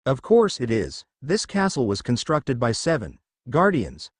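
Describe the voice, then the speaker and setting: Man reading as a sharp-tongued woman commander. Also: mid-range voice, huge pitch swings, unhurried, husky, no echo, studio quality, full character voice. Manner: barks orders, sharp retorts. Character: commanding young woman army leader, tense.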